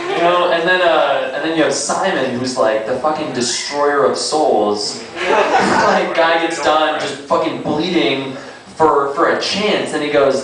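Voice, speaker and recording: A young man doing a stand-up set, rambling and halting with lots of fillers and self-aware asides. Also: on the high side, expressive, a crowd in the background. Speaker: stand-up comic. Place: small comedy club. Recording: echoey club, distant mic, audible noise.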